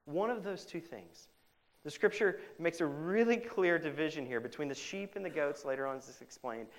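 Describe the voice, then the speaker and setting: A pastor delivering a sermon, moving between loud emphatic stretches and hushed, quiet quotations, with conversational asides to the congregation. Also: male voice, a little high, animated, brisk.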